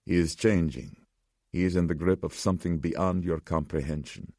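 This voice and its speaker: A man voicing a grave old survivor who speaks slowly and ominously. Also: low voice, a little mellow, no echo, clean studio sound. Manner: slow, grave, measured.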